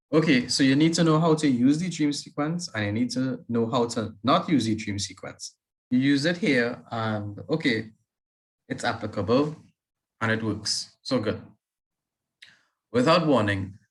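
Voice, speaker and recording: A man teaching, reading a student's story aloud with deliberate pauses and stopping to give writing feedback. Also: medium pitch, fairly bright tone, poor audio. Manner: reads slowly with deliberate pauses, then comments briskly.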